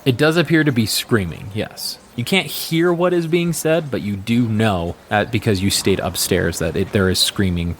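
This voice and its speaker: A man narrating as game master of a tabletop role-playing podcast, relaxed and brisk. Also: lowish voice, slight background noise.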